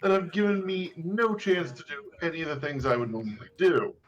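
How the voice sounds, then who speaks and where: A man playing a tabletop game, speaking politely and evenly in a slightly higher voice. Faint music plays behind him. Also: animated, a little fast, highs cut off. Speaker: player. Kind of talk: tabletop role-play.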